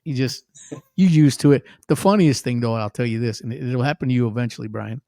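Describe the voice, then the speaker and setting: A man's voice: medium pitch, fast talker, creaky, no room sound, clean studio sound. A middle-aged man, a guest musician, telling stories in casual chat and acting out other people's lines in a raised voice. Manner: animated, acts out quotes in a raised voice.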